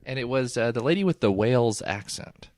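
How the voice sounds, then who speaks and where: A man co-hosting a podcast in casual chat, animated and laughing often, trailing off mid-sentence. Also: mid-range voice, a little fast, dry recording, clean studio sound. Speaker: podcast co-host.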